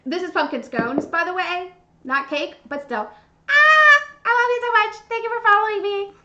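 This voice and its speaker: A woman hosting a baking livestream, chatting casually and gushing with excitement. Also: very high voice, moderate pace. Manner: bubbly, gushing, squealing with excitement. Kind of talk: casual live-stream chat while baking. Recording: dull lo-fi stream audio.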